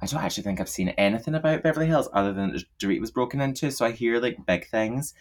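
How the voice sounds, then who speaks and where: A man's voice: medium pitch, animated, fast. A man chatting casually as a podcast guest, laughing often and swearing freely. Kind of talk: casual chat.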